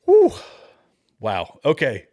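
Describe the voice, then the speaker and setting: A man's voice: medium pitch, huge pitch swings, very slow, dark tone. Chuckling, rambling man hosting a livestream. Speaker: livestream host. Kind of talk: casual livestream commentary.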